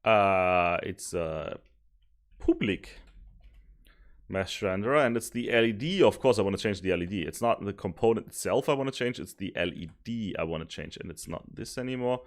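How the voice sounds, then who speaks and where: A man streaming while he codes, thinking aloud, mocking his own mistakes and sometimes yelling happily. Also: lowish voice, moderate pace. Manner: thinks aloud, self-mocking, bursts of excited yelling and laughter. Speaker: streamer coding a simulation tool. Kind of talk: casual live coding commentary.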